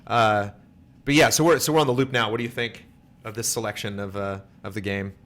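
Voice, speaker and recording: A man's voice: lowish voice, steady tone, a little fast, fairly bright tone. A man chatting casually on a game livestream, rambling with many likes and restarts.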